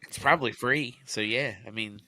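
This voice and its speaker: A man's voice: mid-range voice, normal speed, sharp tone. A man co-hosting a comedy podcast, dropping short, wry remarks into the chat. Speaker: podcast co-host.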